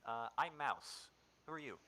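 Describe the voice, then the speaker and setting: A man's voice: mid-range voice, lively intonation, a little slow, bright, forceful tone, rough recording. A man playing Mouse, a hesitant polite adventurer. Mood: apologetic. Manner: hesitant, stammering, placating. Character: polite wandering adventurer Mouse, eager to talk.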